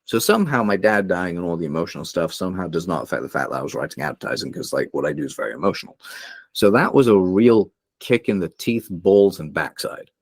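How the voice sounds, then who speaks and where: A man's voice: low-pitched, animated, quick pace, husky, no room sound, clean studio sound. A young man speaking as a podcast guest, telling candid personal stories in an earnest, emotional way, with many fillers and restarts. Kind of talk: candid personal storytelling in a conversation.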